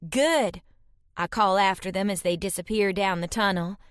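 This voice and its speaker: A woman narrating a fantasy romance audiobook in first person, reading tensely and dramatically, voicing shouted dialogue. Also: medium pitch, flat delivery, a little fast, clear, resonant tone, dry recording, clean studio sound.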